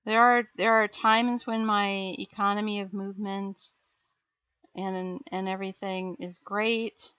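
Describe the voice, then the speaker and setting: A woman's voice: medium pitch, little pitch movement, measured pace, clean tone, no echo, muffled recording. A woman live streaming as she paints miniatures, chatting casually and self-deprecatingly while answering her chat.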